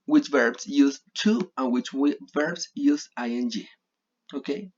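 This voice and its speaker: A man's voice: mid-range voice, a little mellow, lo-fi sound. Chatty Spanish-speaking male English teacher. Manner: chatty, digressive, mixes Spanish and English, repeats for emphasis. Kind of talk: recorded online grammar lesson.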